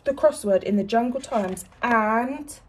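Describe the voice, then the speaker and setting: A woman teacher reading a picture book to young children, expressive and asking them questions. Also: on the high side, measured pace, breathy edge.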